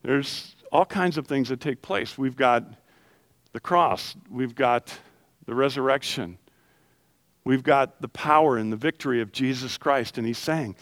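A man preaching a sermon as pastor, questioning his congregation and explaining scripture with lively energy. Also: mid-range voice, measured pace, no echo. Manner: animated, asks the congregation questions.

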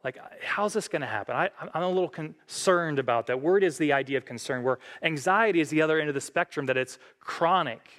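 A man's voice: quick pace, hardly any pauses, a bit bright. A man pastor preaching a sermon in an earnest way, reading scripture aloud and lifting his voice as he quotes it. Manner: earnest, reads scripture aloud, rises in pitch and force when quoting.

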